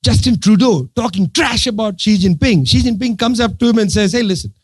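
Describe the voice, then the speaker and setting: A man's voice: high voice, fairly quick, husky, no echo. A man giving an impassioned political talk to an audience, sarcastic and emphatic, driving his points home through repetition. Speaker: political speaker addressing an audience.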